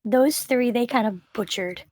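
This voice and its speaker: Brief: woman interviewer, slightly high voice, emphatic and enthusiastic, dry close sound. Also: unhurried, darkish tone, no room sound. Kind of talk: casual chat about games.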